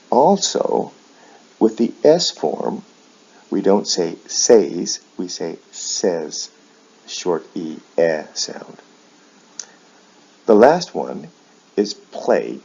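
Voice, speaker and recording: Deep-voiced male teacher, slow careful diction, husky, muffled lo-fi recording. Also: warm tone. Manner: slow, careful enunciation of example words. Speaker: English teacher. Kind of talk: slow explanatory pronunciation lesson. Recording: dull lo-fi sound.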